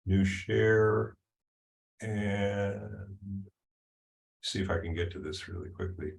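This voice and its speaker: Guy with a lowish voice doing a loose screen-share demo, lots of ums, echoey room. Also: vocal fry. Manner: halting, with frequent ums and restarts. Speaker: presenter at a user group meeting. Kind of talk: casual live software demo.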